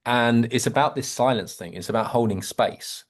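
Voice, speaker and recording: A man's voice: medium pitch, moderate pace. A man coaching a group on a video call about sales, acting out customer dialogue in changing voices. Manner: lively, acts out sales dialogue in varied voices.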